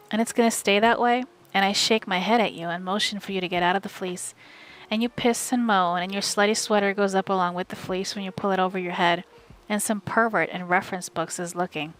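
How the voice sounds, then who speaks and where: A woman streamer reading a novel aloud live from home, in steady, wry first-person narration. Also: medium pitch.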